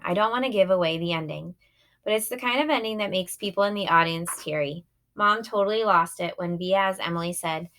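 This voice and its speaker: A woman's voice: on the low side, fairly quick, fairly bright tone. A woman reading a first-person children's novel aloud in a plain, youthful narrating tone. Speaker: audiobook reader.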